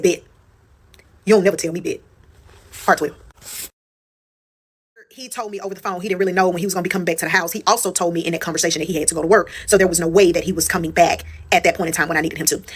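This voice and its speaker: A woman's voice: on the low side, fairly bright tone, husky. A woman telling a personal story in casual storytime style. She talks straight to her viewers, swears freely and repeats phrases for emphasis.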